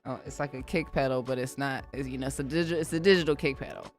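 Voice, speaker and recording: Fast-talking and bass-voiced, the host of this music-production livestream chats casually with her viewers. She's a beatmaker who stays animated and addresses the audience directly.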